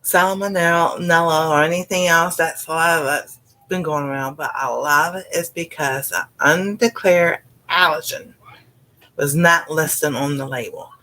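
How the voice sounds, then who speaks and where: A woman's voice: low voice, steady tone, measured pace, sharp tone. A woman with a Southern US accent chatting casually on a livestream as host of a cooking channel. She rambles in a folksy way, says "y'all" and laughs often.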